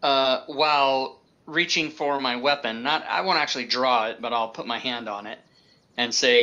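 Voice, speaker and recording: A man at a tabletop game, describing what his character does with quick, playful asides. His voice is sharp and very bright. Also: mid-range voice, lo-fi sound. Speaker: player.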